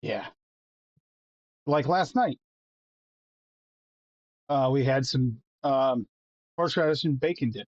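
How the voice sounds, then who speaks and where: A man's voice: mid-range voice, takes it slowly, pauses often, darkish tone, no room sound, dull audio. A man hosting a live stream in casual chat, rambling in an easygoing way with lots of fillers. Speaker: show host.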